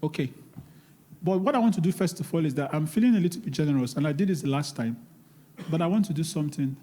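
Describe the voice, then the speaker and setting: A man with a high-leaning, warm voice, expressive and fast, gives a live seminar talk on investing as a guest speaker. He is emphatic and pleading and repeats key words to an audience in a church hall, where the large space adds long reverb.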